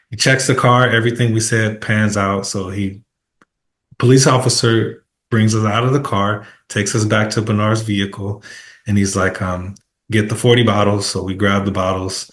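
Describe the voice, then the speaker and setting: A man hosting a casual interview podcast, telling a story in an animated way and acting out the quotes. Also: on the low side, normal speed. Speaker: podcast host. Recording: echoey room.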